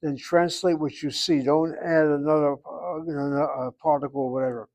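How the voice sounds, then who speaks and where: A man's voice: fairly high pitch, fairly even intonation, moderate pace, darkish tone. A man teaching a Hebrew class, explaining vowels and grammar patiently and methodically, correcting students. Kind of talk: online class instruction.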